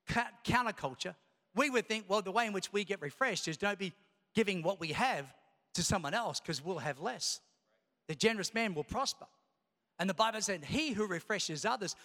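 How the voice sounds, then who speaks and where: Bright, high-voiced preaching man in a reverberant hall. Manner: animated, calls out to the congregation. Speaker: pastor. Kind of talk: energetic sermon. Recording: long reverb of a large hall.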